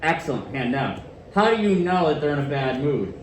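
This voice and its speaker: A male teacher leading a classroom lesson, animated and questioning his students. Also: on the high side, fairly quick, reverberant, far from the mic, a little hiss or hum, rough recording.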